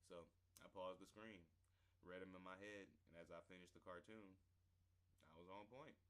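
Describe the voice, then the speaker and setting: A man casually working through a textbook lesson on camera, reading passages aloud and slowly sounding out syllables, rambling between them. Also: low voice, fairly even intonation, fairly bright tone, smooth, poor audio. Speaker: self-taught learner presenting a lesson. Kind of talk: casual vlog-style lesson.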